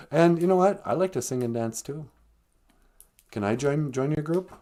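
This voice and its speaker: A man voicing a pushy, nosy male police officer who questions loudly and blusters. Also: fairly high pitch, animated, measured pace, voice pushed up. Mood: sheepish. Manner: loud, rising, blustery questioning. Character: gruff male beat cop, nosy and pushy.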